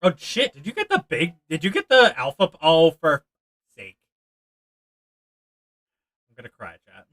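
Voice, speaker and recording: Male game streamer, bright tense voice, raised pitch, rambling chat. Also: moderate pace, dry recording, rough recording. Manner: excitable, rambling, talks to chat, swears. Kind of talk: casual live-stream chat with viewers.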